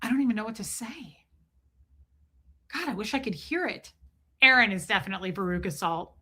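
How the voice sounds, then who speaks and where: Middle-aged woman streamer, brash and animated, bright cutting tone. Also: medium pitch, brisk, husky. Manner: profane, animated, acts out quotes. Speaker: livestream host. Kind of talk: gossip commentary livestream.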